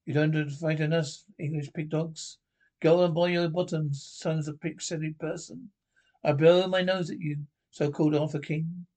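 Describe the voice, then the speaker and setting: A sneering French castle guard flings insults from the battlements in a put-on French accent, voiced by a man. His voice sits somewhat high, and his manner is openly mocking. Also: fairly even intonation, moderate pace, darkish tone, close to an everyday voice. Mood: taunting. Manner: insulting, taunting.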